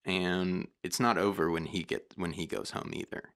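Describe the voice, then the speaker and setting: A man's voice: deep voice, steady tone, moderate pace, fairly bright tone. A man co-hosting a podcast, chatting casually and throwing in dramatic jokes and asides. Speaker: podcast co-host.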